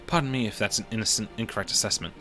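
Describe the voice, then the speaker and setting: A man's voice: racing, sharp tone, faint music behind. A man voicing a kind, mild-mannered male schoolteacher who speaks politely and encouragingly. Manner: polite, encouraging, low-key.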